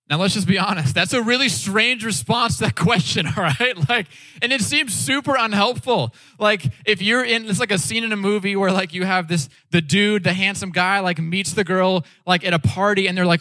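Man, sermon, animated storytelling, slightly high pitch, dry sound. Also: a little fast, hardly any pauses, no room sound. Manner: animated storytelling, acting out quoted voices; casual, with frequent "like" and "all right". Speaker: pastor.

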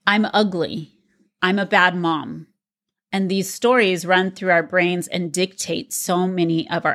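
A woman's voice: on the low side, fairly bright tone. A middle-aged woman co-hosting a podcast, talking in a reflective, earnest way. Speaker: podcast co-host. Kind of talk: casual podcast conversation.

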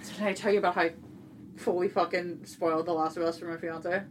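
A woman's voice: lowish voice, steady tone, brisk, background noise. A young woman hosting a podcast, chatting casually, rambling through a story with frequent laughs. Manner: rambling storyteller, laughing often, voice jumps up when quoting. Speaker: podcast host. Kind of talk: casual chat.

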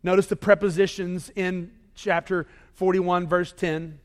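High-voiced pastor preaching in a reverberant hall. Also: male voice, level tone, a little slow. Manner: builds from quiet reading to loud emphatic repetition. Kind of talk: sermon.

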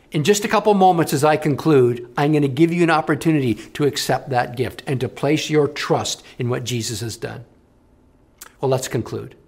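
A man preaching a broadcast sermon, impassioned and emphatic, pressing points to the listener. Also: fairly high pitch. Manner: impassioned, emphatic, rising and falling delivery. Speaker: radio preacher.

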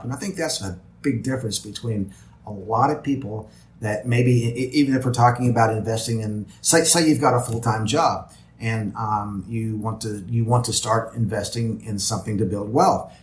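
A man's voice: fairly low pitch, moderate pace, reverberant. A man talking as a podcast guest in casual interview chat, rambling with many restarts and repeated words.

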